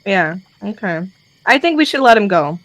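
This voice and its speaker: Female player with a middle-pitched voice, blunt and sassy, dry recording. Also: sing-song, moderate pace, fairly bright tone, no room sound, rough recording. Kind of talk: tabletop game banter.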